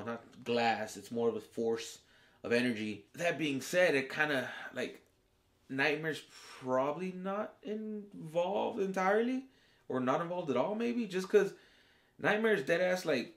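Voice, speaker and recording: Male host for a casual episode review, slangy and foul-mouthed, mid-range voice, acts out the characters' reactions. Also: mid-range voice.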